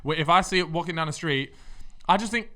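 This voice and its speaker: A man's voice: a little high, quick pace, bright, forceful tone. A young man co-hosting a casual podcast chat, reading out listener questions and stumbling through restarts. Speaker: podcast co-host.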